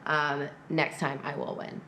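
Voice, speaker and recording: A woman's voice: deep voice, level tone, measured pace, sharp tone, roomy sound. A woman chatting casually and teasing her partner about a game they played. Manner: teasing, laughing, plainspoken. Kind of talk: casual chat.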